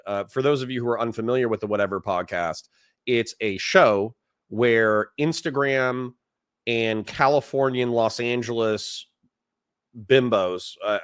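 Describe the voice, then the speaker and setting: A man's voice: fairly low pitch, fairly bright tone, no room sound, studio quality. Chatty man streaming commentary. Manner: chatty, laughing, reads out chat messages. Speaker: streamer reacting to a debate. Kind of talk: casual live-stream commentary.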